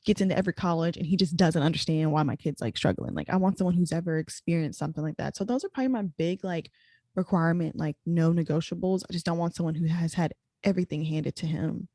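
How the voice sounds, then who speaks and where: A young woman hosting a podcast, her voice sitting a little low. She talks in a quick, chatty stream packed with "like" fillers. The sound is dry and close, with no room echo. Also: dark tone. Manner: rapid, chatty, full of "like" fillers. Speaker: podcast host. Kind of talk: casual chat.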